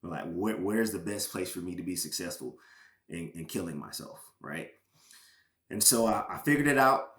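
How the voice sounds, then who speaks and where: Low-voiced man telling an earnest story. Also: expressive, fairly bright tone, echoey room. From Georgia, USA. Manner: earnest, emotional storytelling with halting restarts. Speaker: podcast guest, former pro football player. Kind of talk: personal testimony in a podcast interview.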